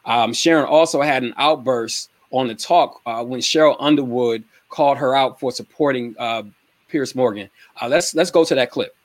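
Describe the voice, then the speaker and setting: A man hosting a panel talk at an ordinary pitch, his voice dry and close with no room around it. He halts and restarts often, leaning on fillers as he sets up questions. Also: moderate pace, dry recording. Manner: hesitant, many restarts and fillers. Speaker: host. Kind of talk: casual panel discussion.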